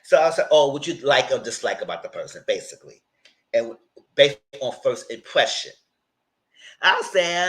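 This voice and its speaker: This poor-audio clip has a man with a mid-range voice speaking at normal speed as he chats his way through a reality TV episode, reviewing it as he goes. He retells scenes in an animated way, voicing people's lines in conversational, informal language.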